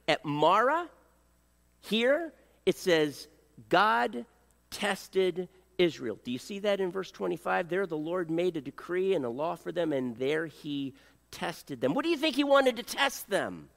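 A man preaching a sermon, animated and joking, acting out voices and coughing now and then. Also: high voice, a little slow, gravelly, long reverb tail. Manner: animated, acts out voices, jokes with the congregation. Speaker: pastor.

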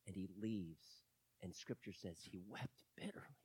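A man delivers a sermon as an animated storyteller. His voice swings from loud emphasis down to near-whispers. The sound is dry and close, with no room around it. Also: low voice, unhurried, breathy edge, no room sound. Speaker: preacher.

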